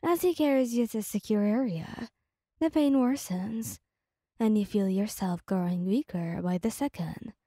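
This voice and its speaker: A woman narrating a second-person ASMR story in a soft, slow, gentle reading voice. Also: mid-range voice, breathy edge, dry recording, studio quality.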